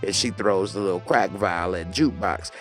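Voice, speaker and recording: A man's voice: low voice, moderate pace, soft background music. A man giving a casual, slangy recap of a TV episode and quoting the characters as he goes. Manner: slangy, lively retelling with quoted lines. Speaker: TV recap reviewer.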